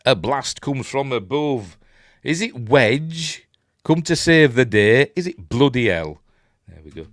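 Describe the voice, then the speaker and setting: This film reviewer, an older Yorkshire man, watches along and talks casually and rambles, humming the score at times. His mid-range voice has lively intonation and a slow pace, on a dry, studio-quality recording.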